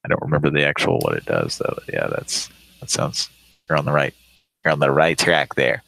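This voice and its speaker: Deep-voiced man in loose profane banter. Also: big pitch swings, fairly quick, creaky, a bit bright, rough recording. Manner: rambling, profane, laughs often. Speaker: prank call show host. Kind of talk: casual live-show banter.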